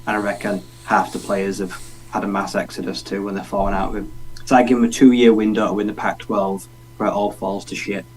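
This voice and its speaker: Blunt, low-voiced British co-host. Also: male voice, flat delivery, fairly quick, a little mellow, slight background noise, low-quality recording. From United Kingdom. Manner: blunt, opinionated, swears casually. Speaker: podcast co-host. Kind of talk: casual sports podcast chat.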